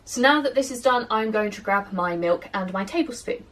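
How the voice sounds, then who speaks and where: A woman's voice: medium pitch, animated, fairly quick, fairly bright tone. A woman vlogger giving a casual how-to baking walkthrough in a home kitchen, chatty and self-deprecating, and coaxing her dough along as she works. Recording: distant mic with faint kitchen clatter.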